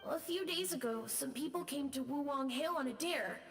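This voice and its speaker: A timid child ghost; high, gentle, apologetic. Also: female voice, moderate pace. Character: shy lost boy ghost, timid and gentle. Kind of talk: video game dialogue. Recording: game audio with faint music.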